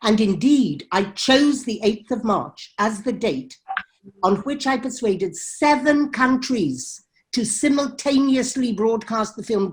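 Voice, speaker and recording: Emphatic woman filmmaker telling a story. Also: mid-range voice. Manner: emphatic and dramatic, acting out quoted exchanges. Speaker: documentary filmmaker. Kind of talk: storytelling in an interview.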